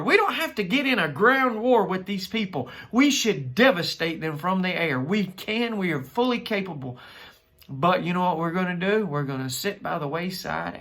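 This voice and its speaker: A man's voice: high voice, pushed and bright. A man with a Southern US accent preaching an impassioned monologue, fervent and emphatic, driving points home by repeating phrases. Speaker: minister.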